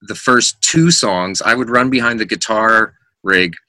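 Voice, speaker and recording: A middle-aged man, a musician guest, telling lively anecdotes in casual chat and acting out the voices of people in them. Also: lowish voice, a little slow, dry recording. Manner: animated anecdotes with quoted voices.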